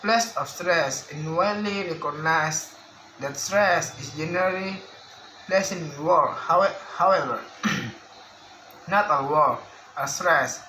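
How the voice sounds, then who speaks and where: Slow, bright-voiced man reading a lesson. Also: fairly high pitch. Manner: slow, careful reading of word lists with restarts. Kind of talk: reading a phonetics lesson aloud. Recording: echoey room with faint background hiss.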